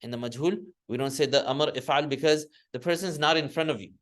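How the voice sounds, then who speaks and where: Fast and on the high side, with a fairly bright tone, a man teaches Arabic grammar in a classroom. His step-by-step explanation is full of self-corrections, and he chants word forms for students to repeat.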